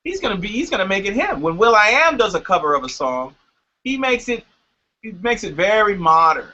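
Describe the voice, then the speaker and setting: A man with a high, bright voice talks casually as an interview guest, explaining his craft through examples. His voice comes through a dull, lo-fi line. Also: big pitch swings, fairly quick. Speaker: music producer guest.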